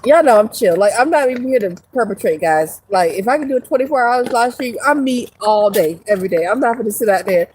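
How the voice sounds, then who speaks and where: A woman's voice: on the high side, animated, quick pace, hardly any pauses, a little mellow, slight background noise, poor audio. Profane, rambling woman vlogger. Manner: profane, rambling, laughs often. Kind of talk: casual rant to camera.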